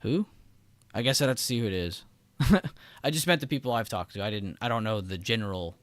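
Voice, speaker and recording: A man's voice: lowish voice, a little fast, dry recording. A man hosting a live trading stream, giving casual market commentary and chatting with viewers in the chat. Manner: casual, chatty, laughs often, talks to chat directly. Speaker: trading livestream host.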